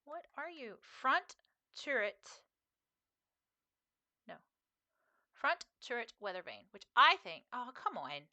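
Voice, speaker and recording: A woman's voice: a little high, very animated, slow, long pauses, pushed and bright. A woman streamer chatting casually with her viewers while playing a game, in a rambling, chatty way. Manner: chatty and rambling, talking to chat. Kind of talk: casual chat while gaming.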